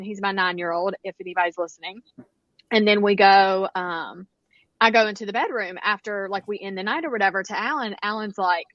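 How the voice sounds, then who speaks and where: A woman, co-hosting a casual chat and telling animated stories with lots of quoted dialogue. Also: mid-range voice, no room sound, lo-fi sound. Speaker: podcast co-host.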